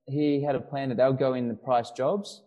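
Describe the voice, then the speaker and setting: A man co-hosting a relaxed podcast chat, spinning a long anecdote. He restarts his sentences often and leans on fillers as he goes. His pitch sits in a middle range. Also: normal speed, low-quality recording. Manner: rambling storyteller with frequent restarts and fillers. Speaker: podcast co-host. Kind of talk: casual chat.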